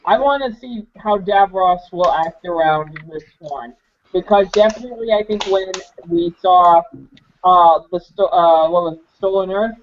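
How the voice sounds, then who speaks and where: A man's voice: sits high, measured pace, slight background noise. A man co-hosting a casual fan podcast, eager and rambling as he tosses out ideas. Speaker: podcast co-host. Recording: muffled lo-fi podcast audio.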